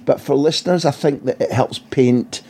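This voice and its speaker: Answering interview questions with stories, a football journalist shares vivid anecdotes and frequently restarts his phrases. He talks at a moderate pace in a mellow, medium-pitched voice with a breathy edge.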